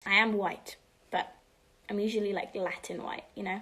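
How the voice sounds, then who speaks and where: A woman's voice: medium pitch, little pitch movement, moderate pace, a bit bright. A teenage girl casually answering fan questions on a livestream, chatty and bubbly, slipping between English and Spanish and often dropping to a whisper. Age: teens.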